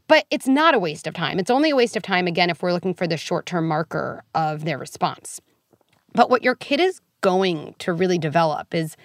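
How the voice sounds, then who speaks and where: A woman speaking as a guest on a podcast, talking quickly and with feeling about raising children. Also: lowish voice, lively intonation, dry recording, clean studio sound. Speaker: guest expert on parenting. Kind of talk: podcast conversation.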